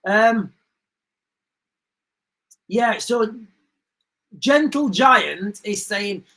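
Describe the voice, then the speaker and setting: A woman's voice: medium pitch, animated, very slow, a bit bright, poor audio. A woman hosting a livestream, talking in an indignant, rambling way and often repeating herself. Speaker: livestream host. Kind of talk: casual livestream commentary.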